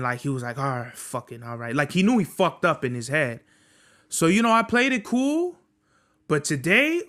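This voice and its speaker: A young podcast host tells a workplace story as a profane, animated rant, his slang rolling out in a bright, sharp-edged voice pitched a little above most men. His delivery stays loose and conversational, full of street talk.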